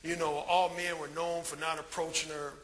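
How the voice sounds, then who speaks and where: A man giving a live conference talk as a dating coach, telling crude stories in an animated way. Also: on the high side, normal speed, a little hiss or hum.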